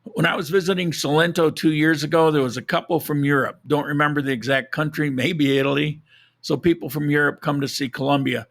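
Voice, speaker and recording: A man with a hoarse, froggy voice and a gravelly edge hosts a live podcast from a desk mic, a little higher-pitched than most men. He chats casually, rambling and restarting his sentences. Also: steady tone, a little fast, fairly bright tone. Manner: rambling, self-correcting, chuckles at own jokes. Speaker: podcast host. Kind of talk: casual live-stream chat.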